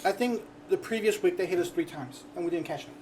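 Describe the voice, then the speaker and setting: A man hosting a podcast, telling an animated work story with swearing and bursts of laughter. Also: high voice, fast talker, slight background noise. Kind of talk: casual chat.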